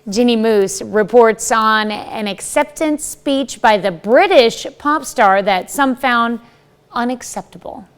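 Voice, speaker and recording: A woman with a fairly high voice anchors a morning news show. She introduces a segment and then adds a relaxed, wry aside. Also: takes it slowly, clean tone.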